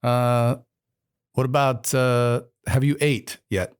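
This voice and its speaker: Guy hosting a chill podcast chat, jokey, teasing, mid-pitched. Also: flat delivery, slow, clean tone. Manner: joking, teasing, prompts the guest. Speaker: host. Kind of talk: casual interview chat.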